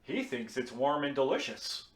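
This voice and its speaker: A man's voice: medium pitch, sing-song, normal speed, natural voice. A man quoting a laid-back male bartender in a casual, offhand way. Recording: roomy echo.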